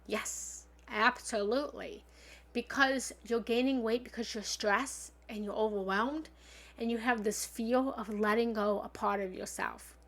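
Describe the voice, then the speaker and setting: Blunt woman love coach on a live stream, voice on the higher side, goes loud then soft, swears now and then. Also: fairly even intonation, measured pace. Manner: emphatic, swinging from loud bursts to soft asides. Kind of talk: livestream self-help coaching talk.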